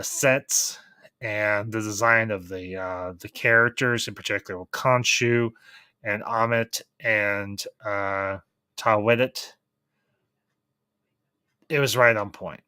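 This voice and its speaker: A man giving a casual, enthusiastic review of a TV series, pausing and restarting as he thinks aloud. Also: fairly low pitch, sharp tone, clear, resonant tone, no echo. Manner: thoughtful, enthusiastic, with frequent restarts. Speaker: film reviewer.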